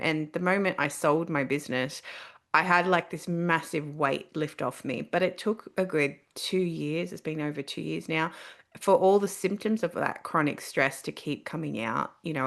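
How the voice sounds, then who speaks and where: A middle-aged woman, a podcast guest telling her story candidly and earnestly. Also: sits low. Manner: earnest, animated when quoting herself.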